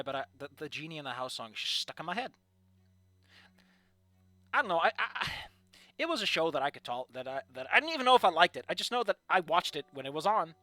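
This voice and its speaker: A man reading fan fiction aloud and breaking off into excitable, jokey asides and rants. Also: on the high side, fast talker, no echo, soft background music. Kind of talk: casual live commentary.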